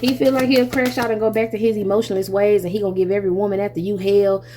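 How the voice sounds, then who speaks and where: A woman's voice: mid-range voice, fast, faint music behind. Chatty woman giving a tarot reading. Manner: animated, chatty, laughs often, calls listener baby and honey; swears freely. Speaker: tarot reader.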